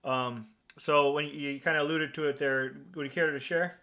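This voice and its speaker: Brief: upstate New York man, net control host, chatty rambler, higher and bright tone. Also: fairly even intonation, moderate pace. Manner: chatty and rambling, many fillers and restarts. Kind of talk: casual on-air radio net hosting.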